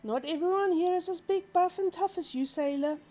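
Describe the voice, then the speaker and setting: A woman's voice: very high voice, moderate pace, warm tone, faint music behind, pitched above the performer's own voice. A woman voicing a stern male tavern keeper who scolds a rowdy guest, read from a visual novel. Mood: scolding. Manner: scolding, warning.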